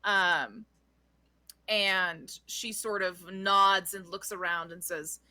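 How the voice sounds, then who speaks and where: A woman narrating a tabletop game as game master, in a relaxed, rambling way. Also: fairly low pitch, takes it slowly.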